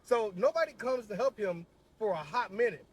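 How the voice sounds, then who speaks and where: A man telling a funny story in a casual, animated way, acting out the people in it. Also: high-pitched, normal speed, slight background noise. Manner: animated, acts out voices in his story. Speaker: storyteller in a TikTok clip.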